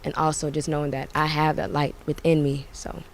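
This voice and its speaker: A young adult woman and singer, talking softly and reflectively about her path in a casual interview, with many fillers. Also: low-pitched, completely flat delivery, brisk, slight background noise.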